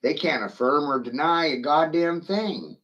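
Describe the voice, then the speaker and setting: A man's voice: on the high side, measured pace, a bit bright, lo-fi sound. A middle-aged man in a profane, taunting rant, swearing aggressively at his critics.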